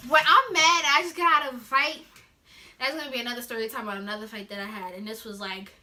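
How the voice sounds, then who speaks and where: A teenage girl telling a story in a casual, animated way, acting out the scenes with sound effects. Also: fairly high pitch, quick pace. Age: teens. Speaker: vlogger.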